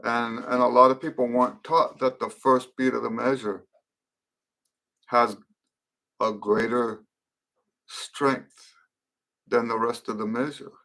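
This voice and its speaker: A middle-aged man teaching trumpet players in a live-stream Q and A, explaining in a thoughtful, unhurried way with fillers and restarts. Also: medium pitch, flat delivery, sharp tone.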